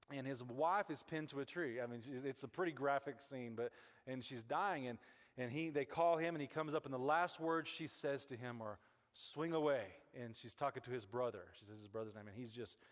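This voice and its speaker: A man preaching a casual, rambling sermon as pastor, full of asides and restarts, on a wireless mic. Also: mid-range voice. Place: church sanctuary. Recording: church hall reverb.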